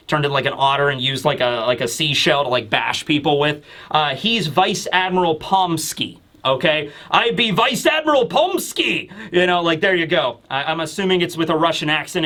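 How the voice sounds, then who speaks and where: A man's voice: high voice, bright, forceful tone. A man reviewing a comic chapter in casual chat, rambling and thinking aloud with many fillers. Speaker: anime and manga reviewer.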